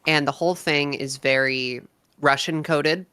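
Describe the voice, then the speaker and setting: A chatty, enthusiastic woman streamer hosting a casual conversation. Her voice is low-pitched yet bright and forceful. The sound is dry and close. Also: steady tone, unhurried, clear, resonant tone, dry recording. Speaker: streamer host. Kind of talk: casual chat.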